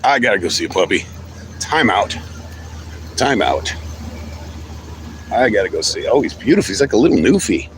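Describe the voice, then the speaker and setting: A man's voice: fairly low pitch, very animated, racing, hardly any pauses. A man casually chatting through a walking livestream at an outdoor street protest, friendly and amused, talking to strangers. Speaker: live streamer. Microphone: handheld phone. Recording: noisy street ambience and traffic.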